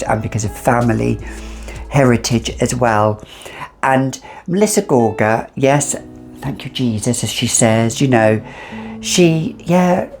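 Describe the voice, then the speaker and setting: A middle-aged woman with a remarkably deep, gravelly voice talks through a fragrance review in a chatty, opinionated way, full of sassy asides. Soft music plays faintly underneath.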